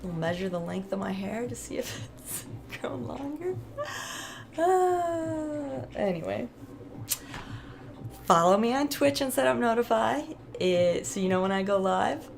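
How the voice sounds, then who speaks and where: A woman's voice: a little high, animated, moderate pace, creaky. A woman vlogger talking casually to camera, chatty and rambling, laughing often.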